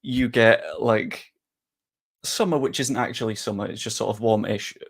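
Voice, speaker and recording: A man's voice: mid-range voice, steady tone, moderate pace, slightly rough. Chatty British man hosting a stream. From United Kingdom. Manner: chatty, rambling, self-deprecating. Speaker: streamer and host. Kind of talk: casual chat on a live stream.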